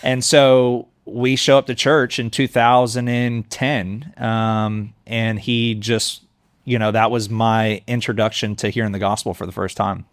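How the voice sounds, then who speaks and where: A mayoral candidate in his thirties tells his life story in a podcast interview recorded on-site in a coffee shop, earnest and candid and quick to laugh as he talks it through conversationally. His medium-pitched voice is clear and resonant with a flat delivery, and the audio is studio quality with no echo.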